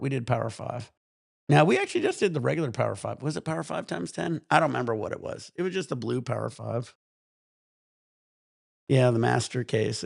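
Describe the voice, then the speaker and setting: A man's voice: medium pitch, creaky, no echo, studio quality. A man in his thirties hosting a casual livestream, telling rambling, profane stories and chatting with viewers. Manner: rambling, profane storytelling with frequent laughs. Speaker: cannabis stream host.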